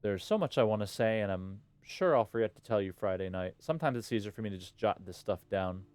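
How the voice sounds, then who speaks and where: A man's voice: lowish voice, expressive, fast, darkish tone, clear, resonant tone, dry recording, faint music behind, natural voice. A man reading out a letter as a fond middle-aged father writing to his son, in a cheery voice. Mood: fatherly.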